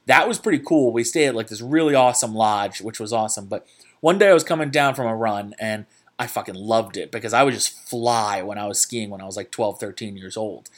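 A man's voice: fairly low pitch, fairly quick. A young man hosting a podcast, telling a story casually with swearing, self-mockery and lots of restarts. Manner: rambling, profane, self-mocking, many restarts. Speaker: podcast host.

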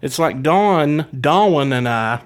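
A man's voice: a little high, lively intonation, slow. A man hosting a casual wrestling podcast, joking and rambling with playful trash talk. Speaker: podcast host.

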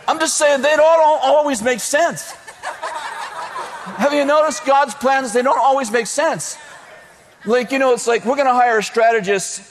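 A man's voice: extremely high pitch, a little slow, pauses often, in a large hall, a little hiss or hum. A man preaching a sermon, telling comic stories and acting out the voices of the people in them. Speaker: pastor.

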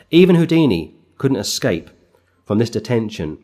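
A middle-aged man, a street preacher and pastor, giving an earnest, emphatic sermon on scripture that builds to forceful bursts. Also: medium pitch, moderate pace.

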